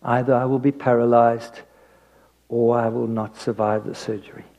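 A man preaching a sermon, telling a personal story with animated emphasis that drops into hushed asides. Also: mid-range voice, moderate pace, dull audio.

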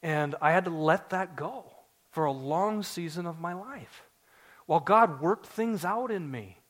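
A man in his forties preaching a sermon to his congregation, earnest and story-driven, building to excited emphasis. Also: on the high side, a little slow. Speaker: pastor.

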